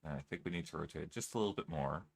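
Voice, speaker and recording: A man's voice: extremely low pitch, racing, creaky. A man streaming a video game who chats casually and playfully with his viewers, laughing often. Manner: giggly, playful, talks to chat. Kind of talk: casual live-stream chat.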